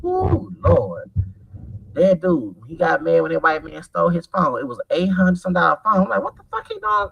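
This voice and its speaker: A gravelly-voiced man in his forties rambles through a story with a lively, swooping, slightly high voice. He talks in animated, profane bursts and restarts. He is recorded from some distance, with loud background noise. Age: 40s. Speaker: vlogger.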